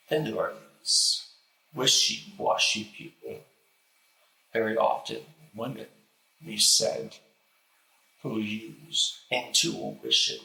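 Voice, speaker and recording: A man with a stutter reciting a spiritual lecture as the host, slow and deliberate, with pauses. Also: mid-range voice, animated, sharp tone, roomy sound, poor audio.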